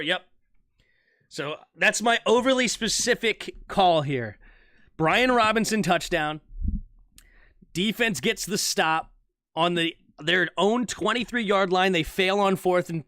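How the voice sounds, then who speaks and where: A man's voice: high-pitched, no room sound, studio quality. A young man streaming live fan play-by-play of an American football game, calling each snap and chatting with his viewers. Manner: animated, fast shifts between calling plays and chatting.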